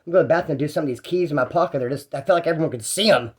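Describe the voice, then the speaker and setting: A young man spins a casual story in quick, tumbling bursts. His voice sits a little high, and his slangy, rambling delivery keeps doubling back on itself.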